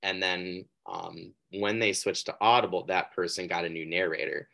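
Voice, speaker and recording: Deep-voiced man hosting an interview. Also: steady tone, vocal fry, bright, forceful tone. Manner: upbeat, quick reactions, rambling asides. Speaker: podcast host. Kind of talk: casual interview chat.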